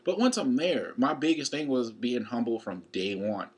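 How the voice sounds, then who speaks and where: A man's voice: mid-range voice, big pitch swings, moderate pace, a little mellow, slightly rough. A young man in his twenties, chatting casually and rambling to camera in a fitness vlog. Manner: rambling and chatty, with many fillers. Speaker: college student vlogging a fitness challenge.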